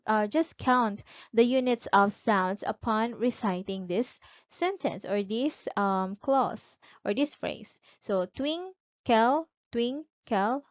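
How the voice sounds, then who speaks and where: A woman's voice: fairly high pitch, no echo. A woman teaching an online lesson who poses questions to her students and answers them herself, drawing out the words of examples as she reads them. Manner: drawn-out, careful reading of examples. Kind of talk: recorded online lecture. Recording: dull, dry close recording.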